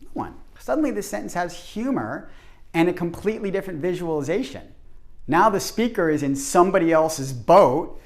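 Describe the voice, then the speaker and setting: A man's voice: high voice, lively intonation, moderate pace. A man presenting an interactive workshop to a group, talking animatedly and acting out the voices he quotes.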